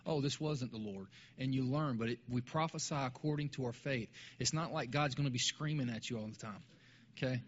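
A man's voice: mid-range voice, a little fast, muffled recording. A man talking casually about faith in a conversational way, often restarting his sentences.

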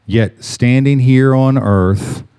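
A man preaching a sermon, reading scripture aloud and slowing down to stress key words. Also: medium pitch, dark tone, clear, resonant tone. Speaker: pastor.

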